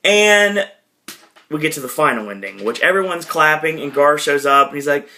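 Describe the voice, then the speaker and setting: A man hosting a podcast, casually retelling a movie in a rambling way, with lots of fillers and quick impressions. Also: fairly high pitch, animated, bright, forceful tone, a little hiss or hum. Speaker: podcast host.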